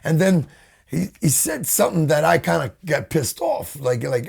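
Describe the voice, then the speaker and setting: A man with a New York accent, a guest telling animated stories in a casual interview, swearing freely and acting out what others said. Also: fairly high pitch, normal speed, gravelly, breathy edge. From Brooklyn, New York. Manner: animated, swearing, acts out quotes. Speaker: guest vocalist.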